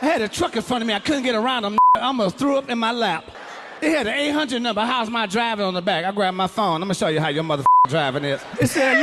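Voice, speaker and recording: A man doing a profane, shouted stand-up rant, played as a clip. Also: very high voice, very noisy. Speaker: stand-up comedian. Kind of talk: stand-up comedy bit.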